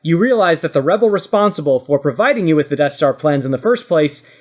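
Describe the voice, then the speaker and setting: Podcast host reading out the scenario, steady and dry, middle pitch. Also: fast talker. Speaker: podcast host running the game.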